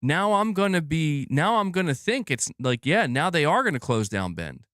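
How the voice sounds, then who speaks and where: A man's voice: fairly high pitch, sing-song, moderate pace, a bit bright, no room sound, clean studio sound. A man ranting on his live stream, exasperated and swearing a lot. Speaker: gaming news streamer.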